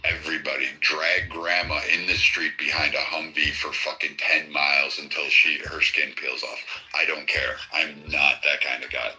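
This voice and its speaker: A man's voice: very deep voice, flat delivery, moderate pace, sharp tone, faint music behind, rough recording. A man in a casual online voice chat, ranting bluntly with heavy profanity and frequent stammered restarts. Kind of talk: heated casual rant.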